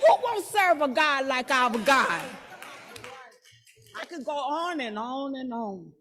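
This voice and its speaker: An older woman from Michigan giving an excited, emotional church testimony. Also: high-pitched, slow pace, long pauses, faint music behind. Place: church assembly hall.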